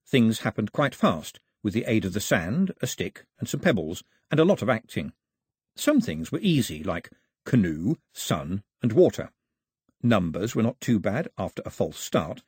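A man reading a storybook aloud in an expressive, varied narration. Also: lowish voice, normal speed, husky, no room sound, studio quality.

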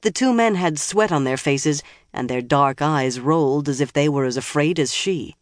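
Steady, dry audiobook narrator. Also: mid-range voice, normal speed, dry recording. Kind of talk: scripted fantasy narration.

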